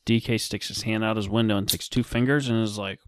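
A man's voice: on the low side, fairly even intonation, a little fast, smooth, no echo, studio quality. Laid-back man co-hosting a podcast. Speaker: podcast co-host. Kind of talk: casual chat.

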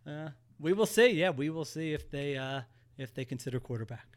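Male co-host, smooth clear tone, fairly high-pitched, sarcastic podcast chatter. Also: lively intonation, brisk. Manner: joking, sarcastic asides. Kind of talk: casual sports podcast chat.

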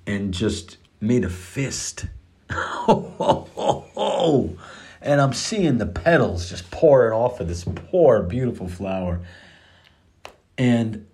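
A middle-aged man with a very low voice recounts a family story in an easy, rambling way. He restarts his sentences often and drops the occasional curse. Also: darkish tone. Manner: rambling, with many restarts and swearing. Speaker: father telling a story. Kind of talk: casual personal storytelling.

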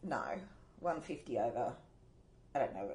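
A woman's voice: very deep voice, lively intonation, normal speed, over a noisy crowd. A woman, co-hosting a casual chat show and telling stories, often laughing as she talks. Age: 40s. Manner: chatty storyteller, laughs while telling stories. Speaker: podcast co-host.

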